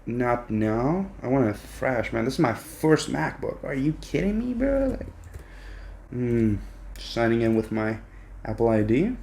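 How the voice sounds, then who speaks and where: A young man filming a casual unboxing, excitable and swearing often, jumping between hushed whispers and squeals. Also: mid-range voice, unhurried, gravelly, a little hiss or hum. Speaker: vlogger.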